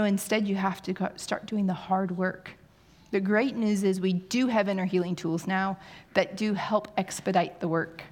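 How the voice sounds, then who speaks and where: A woman in her forties preaching a sermon, candid and self-deprecating, telling personal stories with animation. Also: mid-range voice.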